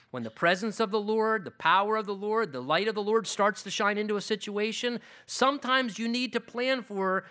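A middle-aged male pastor delivers a sermon in a high, lively voice. His tone is bright and sharp, and he swings between emphatic lines and hushed asides.

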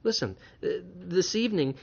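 A fairly high male voice delivers a lively sermon, breaking up the teaching with wry jokes. The recording is dull and lo-fi. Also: normal speed, breathy edge. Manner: animated, with wry humorous asides. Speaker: pastor.

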